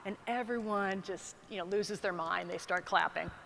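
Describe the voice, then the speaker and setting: A woman's voice: mid-range voice, normal speed, creaky, slight background noise. Woman on stage telling a funny story, chatty asides, big echoey conference hall. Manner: animated anecdotal storytelling with asides. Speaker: keynote speaker. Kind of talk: storytelling keynote speech.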